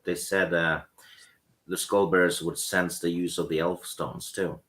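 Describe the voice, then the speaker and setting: A man chatting casually as a guest in a book discussion, halting and hesitant. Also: sits low, little pitch movement, fairly bright tone. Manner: hesitant, halting, lots of fillers. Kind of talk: casual chat.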